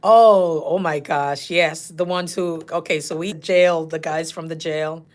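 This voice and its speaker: A middle-aged woman tells stories in a relaxed, chatty way, her voice sitting a little low. She laughs easily and jumps into playful impressions of the people in her stories. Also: unhurried. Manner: animated, laughing, acts out patients' lines. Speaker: nurse coach and channel host. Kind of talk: casual storytelling.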